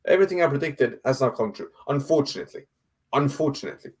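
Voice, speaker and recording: A man's voice: medium pitch, lively intonation, quick pace, breathy edge. A man co-hosting a casual football debate over an online call, blunt and exasperated, firing off rhetorical questions and swearing. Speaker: football podcast co-host.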